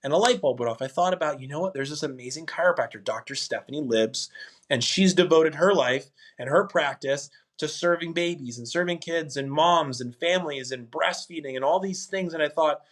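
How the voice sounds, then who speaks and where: A man in his thirties co-hosting a podcast in casual chat, earnest and animated, often acting out quoted lines. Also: fairly high pitch, fairly quick. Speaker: podcast co-host.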